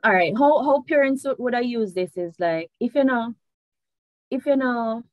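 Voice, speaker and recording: A woman's voice: fairly high pitch, expressive, normal speed, dry recording, rough recording. A woman hosting a casual interview, explaining phrases and laughing often. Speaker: host.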